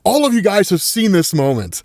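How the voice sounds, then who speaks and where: A man giving a casual spoken recap of a comic story, chatty and full of "like" and "right", getting excited as he retells the big moments. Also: sits high, moderate pace, no echo, clean studio sound. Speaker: comic book recap host.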